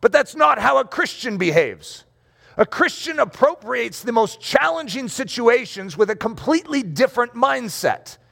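Animated, high-voiced preacher man. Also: normal speed, creaky. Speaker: pastor. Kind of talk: sermon. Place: room with rows of chairs.

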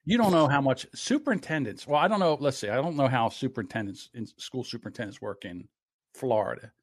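A man co-hosting a podcast, ranting in a casual, profane and animated way. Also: medium pitch, quick pace, no echo, studio quality. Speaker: podcast co-host. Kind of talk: casual political podcast chat.

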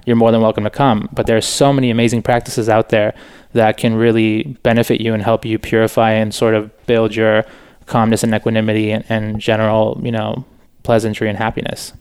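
Earnest young man, smooth flat voice. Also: on the low side, brisk. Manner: relaxed, earnest, many "like" and "you know" fillers. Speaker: podcast guest, author. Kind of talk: casual interview chat.

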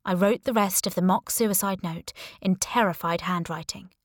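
A woman narrating a first-person thriller audiobook in a low-key, intimate way. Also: steady tone, normal speed, dry recording, studio quality.

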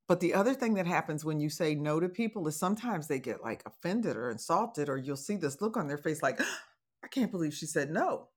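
A woman's voice: sits low, lively intonation, brisk, few pauses. A woman hosting an advice podcast, talking casually and encouragingly to listeners, with playful asides and laughter. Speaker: podcast host, divorce coach.

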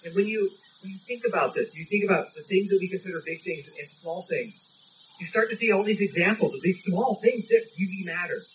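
A man's voice: high-pitched, fairly quick, slight background noise, low-quality recording. A man preaching a sermon, telling a story in an emphatic, conversational way. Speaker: pastor.

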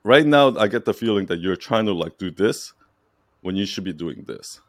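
A low-pitched man coaching a client in a relaxed, emphatic way. He repeats his points, keeps asking "right?" and laughs now and then. The sound is dry and close. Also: normal speed, no echo. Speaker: brand strategy coach. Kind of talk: casual coaching session.

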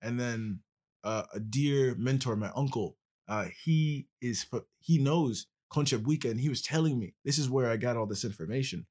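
Husky male podcast host. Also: mid-range voice, moderate pace, a little mellow. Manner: passionate, explains at length. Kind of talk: casual conversation.

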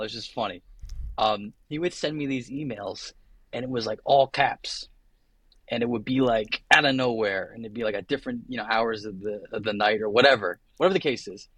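A man's voice: medium pitch, a bit bright, dry recording. A young adult man, a guest attorney, talking casually on a podcast, chatty and full of tangents and acted-out quotes.

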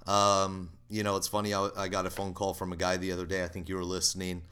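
Low-voiced man in rambling podcast chat. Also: completely flat delivery, quick pace, sharp tone, clean tone. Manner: rambling, filler-heavy, laughs easily. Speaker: podcast co-host, call center owner.

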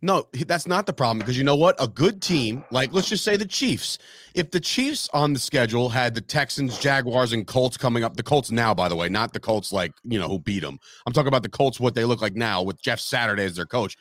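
A man with a New Jersey accent hosting a casual sports podcast, animated and swearing freely, laughing often. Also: medium pitch, brisk, slight background noise. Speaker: podcast host.

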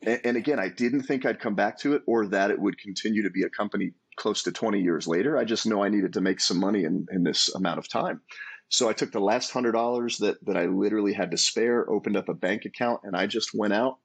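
Husky-voiced man in his forties. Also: fairly low pitch, fast. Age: 40s. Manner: earnest, animated storytelling with restarts. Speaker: guest, entrepreneur. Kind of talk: storytelling interview answer.

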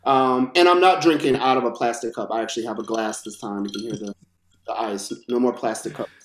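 A man co-hosting a podcast in a relaxed, laid-back way. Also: medium pitch, brisk, slight background noise. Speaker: podcast co-host. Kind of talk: casual podcast chat. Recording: roomy echo.

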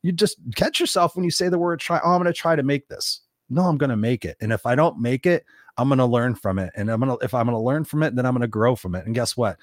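A man's voice: mid-range voice, quick pace, dry recording, clean studio sound. A man hosting his own show, giving an unscripted motivational talk, blunt and swearing often, acting out the people he quotes. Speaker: podcast host. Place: Los Angeles.

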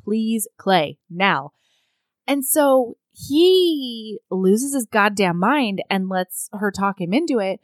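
Chatty woman with a bright, higher voice. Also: expressive, takes it slowly, hardly any pauses, dry recording. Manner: drops into a low husky voice to act out characters' lines, laughs often, swears. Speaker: podcast co-host recapping a book. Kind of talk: casual chat.

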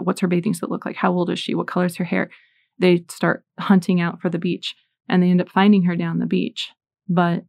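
Woman in her forties for a faith talk: earnest storytelling with scripture readings, lowish voice, dry and close. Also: gravelly, darkish tone, dry recording. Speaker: Catholic speaker. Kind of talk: faith talk with personal stories.

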